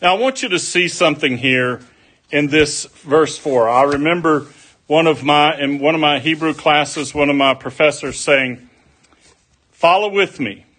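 A man preaching a sermon, deliberate and folksy, mixing scripture with homespun stories. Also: a little high, fairly bright tone.

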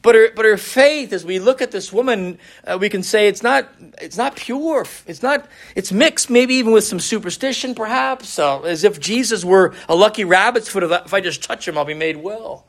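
A man's voice: sits high, lively intonation, normal speed, few pauses. A man preaching a sermon in an earnest way, often restarting phrases and quoting scripture. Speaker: pastor.

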